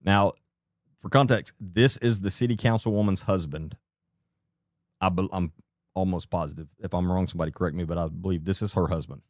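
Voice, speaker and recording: A man's voice: sits low, a little fast, no echo, studio quality. A man commenting live on a video clip, blunt and incredulous, who swears and repeats rhetorical questions.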